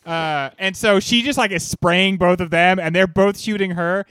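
Brief: excitable male podcast co-host, a bit high-pitched, dry mic. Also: normal speed, smooth, no echo. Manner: enthusiastic, rambling with restarts. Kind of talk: casual movie-review podcast chat.

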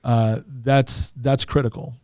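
A man's voice: medium pitch, flat delivery, slow, darkish tone, no room sound, studio quality. A man in his forties, a podcast guest, telling a personal story in an earnest way, often repeating words as he goes.

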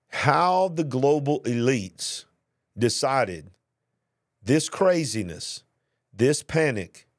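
A middle-aged man with a Southern US accent, hosting a commentary show and telling a story in a lively voice, acting out both sides. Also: fairly low pitch. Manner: animated, acts out both sides of the story, drawling. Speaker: host.

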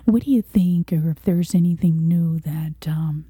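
A woman interviewing a guest about faith, speaking in a soft, breathy, half-whispered way. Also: low voice, measured pace, no room sound.

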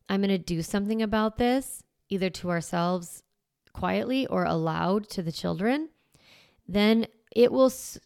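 A woman's voice: lowish voice, creaky, a little mellow, clean tone, no room sound, studio quality. A woman in her forties, a parenting coach hosting a podcast, talking casually and acting out little quotes. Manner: chatty, acts out quotes, many "like" fillers.

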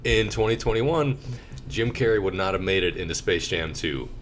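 Young man, low voice, very lively intonation, casual joking chat, faint background noise. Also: normal speed. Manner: animated, jokey, acts out scenes. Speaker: podcast co-host.

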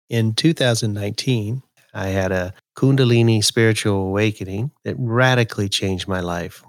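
A man's voice: lowish voice, vocal fry, no room sound, clean studio sound. A man hosting a podcast, chatting casually in a folksy way and reading his own poem aloud. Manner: slow, relaxed, folksy delivery. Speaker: podcast host. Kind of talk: casual talk and poetry reading.

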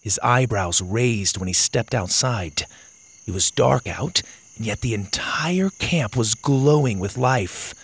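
A man narrating a children's adventure audiobook in an expressive reading. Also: medium pitch, takes it slowly, breathy edge, no room sound.

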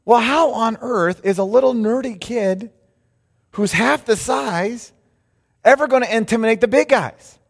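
A man preaching a sermon, telling a story with lively shifts in volume and pace. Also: very high voice, measured pace, vocal fry. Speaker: pastor. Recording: reverberant hall.

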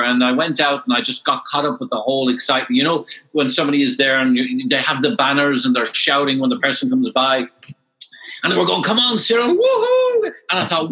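A man in his sixties from Ireland with an Irish accent, telling his story as an interview guest, animated and repeating words as he gets going. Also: mid-range voice, rough recording.

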